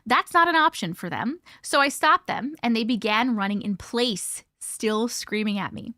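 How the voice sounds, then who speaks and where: A woman's voice: on the high side, very animated, moderate pace, sharp tone, dry recording, clean studio sound. A woman hosting a live stream, reading a listener's story aloud bluntly and expressively, with profanity and reactions. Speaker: host reading listener stories.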